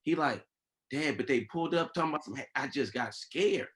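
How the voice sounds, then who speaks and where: A man hosting a podcast in casual chat, telling a story with lively, acted-out quotes from the people in it. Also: on the high side, fairly quick. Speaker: podcast host.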